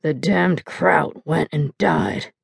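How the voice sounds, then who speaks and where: A drunk middle-aged farmer speaks in a slurred, gravelly voice, low and flat, put on by a woman narrator. The sound is dry and close, as in an audiobook. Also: slow pace, no room sound, exaggerated voice. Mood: grim. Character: drunk grim farm father, middle-aged man.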